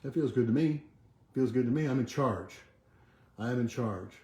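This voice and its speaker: An older man leading a motivational talk from his home kitchen, repeating affirmations slowly and letting them trail off softly. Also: mid-range voice, echoey room. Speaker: chiropractor leading a weekly motivational march. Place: home kitchen with a bay window.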